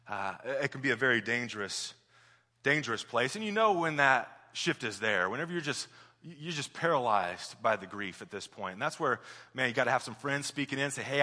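Young male pastor, sermon delivery, piercingly bright timbre, swings between loud build-ups and soft drops. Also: medium pitch. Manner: animated storyteller, builds up loudly then drops soft. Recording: long hall reverb.

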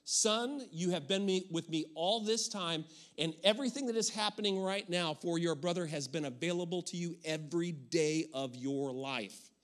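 A man voicing a loving father who gently pleads with his son, acted out within a sermon. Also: a little high, moderate pace, natural voice. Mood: tender.

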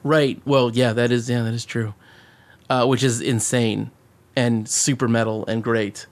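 A man co-hosting a podcast, chatting casually and excitedly about a movie, swearing and rambling with many restarts. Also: medium pitch, unhurried. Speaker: podcast co-host.

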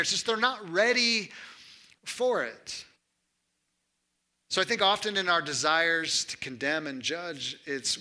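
Bright-voiced man preaching conversationally. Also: a little high. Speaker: pastor. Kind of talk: sermon.

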